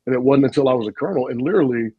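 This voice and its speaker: A man, a retired army officer, telling stories in an animated, folksy way on a casual podcast. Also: mid-range voice, racing, husky, no room sound, lo-fi sound. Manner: animated, folksy storyteller with frequent asides and laughs.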